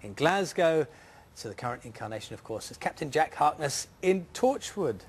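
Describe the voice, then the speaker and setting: A man's voice: fairly high pitch, very animated, normal speed, breathy edge. A man presenting a breakfast TV studio interview with a light, teasing manner.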